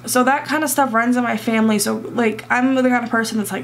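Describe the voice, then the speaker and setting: A young woman tells a personal story to her camera, close to tears and stumbling over fillers. Her voice is gravelly and flat, held close to one pitch. A faint hiss sits behind her. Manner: emotional, halting, many fillers. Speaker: vlogger.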